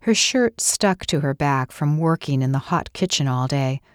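Low-voiced woman narrating a novel. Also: dry recording, clean studio sound. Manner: measured and expressive storytelling. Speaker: audiobook narrator. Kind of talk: scripted narration.

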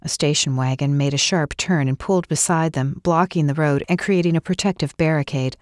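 A woman reads a novel aloud in a low, grounded voice, measured and expressive. The sound is close and dry with no room around it. She paces the story calmly. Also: no echo. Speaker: audiobook narrator. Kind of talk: scripted narration.

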